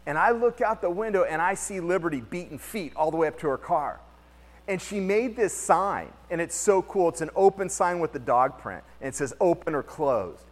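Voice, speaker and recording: A man preaching a conversational sermon as pastor, lively and slangy, mixing scripture with everyday stories. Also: on the high side, moderate pace. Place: church hall. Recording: long hall reverb.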